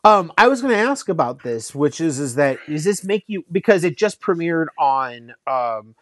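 A man's voice: fairly high pitch, sing-song, normal speed, a bit bright, no room sound. A man co-hosting a casual movie talk, rambling with many fillers and restarts. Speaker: podcast co-host.

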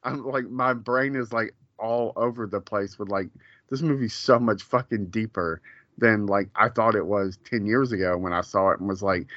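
A man's voice: on the low side, normal speed, fairly bright tone, no room sound. A man in his forties, a podcast co-host, chatting casually and rambling with many fillers and curse words. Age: 40s. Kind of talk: casual chat. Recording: dull, lo-fi dry sound.

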